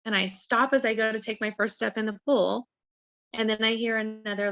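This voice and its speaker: A woman talks through her own story as a podcast guest, telling it with a lot of feeling. She acts out what she said back then as she goes. Her voice sits a little on the high side. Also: moderate pace. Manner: emotional, animated storyteller who acts out her own past words. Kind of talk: personal storytelling interview.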